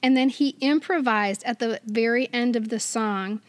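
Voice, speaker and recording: A woman co-hosting a podcast in a casual chat, lively, laughing often and acting out the quotes she tells. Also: on the high side, moderate pace, dry recording. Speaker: podcast co-host.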